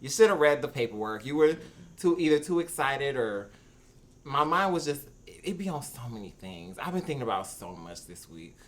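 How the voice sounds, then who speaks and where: A man co-hosting a casual podcast, telling a story with animated, expressive delivery and acted-out quotes. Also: medium pitch, normal speed. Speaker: podcast co-host. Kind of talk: casual chat.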